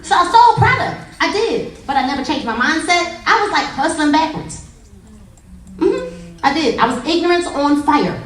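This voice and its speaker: A woman giving a humorous, animated motivational talk to a live audience, telling stories with acted quotes. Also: high voice, moderate pace. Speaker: motivational speaker. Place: meeting room with an audience. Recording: echoey room, voice from a distance, faint crowd.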